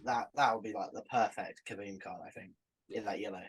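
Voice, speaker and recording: Husky, laid-back man. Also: fairly low pitch, fairly even intonation, brisk, rough recording. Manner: laid-back, hesitant, many fillers. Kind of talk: casual podcast chat.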